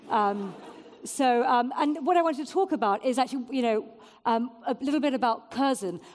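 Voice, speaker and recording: A woman's voice: a little high, in a large hall. A woman in her forties giving a candid, self-mocking conference talk with frequent fillers. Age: 40s. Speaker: keynote speaker. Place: event venue before an audience.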